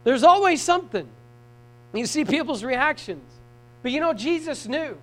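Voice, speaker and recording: A man preaching a sermon in a church, reading scripture aloud and swinging from soft, slow passages to loud shouting. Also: extremely high pitch, animated, rough recording. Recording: mains hum. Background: hum.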